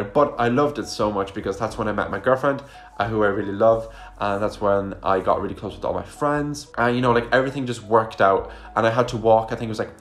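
A young man, chatting casually through a storytime vlog, full of fillers and asides. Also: on the low side. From Ireland. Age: young adult. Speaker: vlogger.

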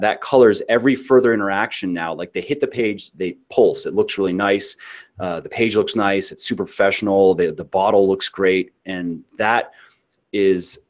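A man giving an interview about his business, talking casually with many restarts and filler words. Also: deep voice. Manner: rambling, frequent restarts and filler words, acts out quotes; casual, swears now and then. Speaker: interview guest, author and fitness business owner.

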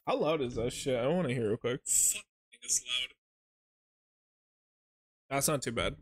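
A man's voice: medium pitch, animated, moderate pace, husky, no room sound, studio quality. A man streaming a shooter game, giving joking, profane running commentary as he plays. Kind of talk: casual gaming commentary.

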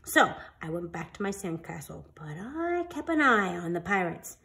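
A woman reading a children's picture book aloud as a storyteller, in an animated, expressive way. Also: on the low side, moderate pace, gravelly.

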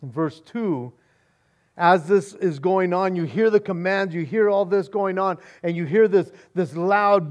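A man preaching as a pastor, excited and casual, often repeating words and saying "man". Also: high-pitched, unhurried, lo-fi sound. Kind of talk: expository sermon.

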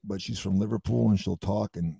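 A man's voice: fairly low pitch, steady tone, a little fast, creaky, warm tone, slightly rough, dry recording. A man hosting a livestream, brash and joking with swearing. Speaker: host. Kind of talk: casual livestream chat.

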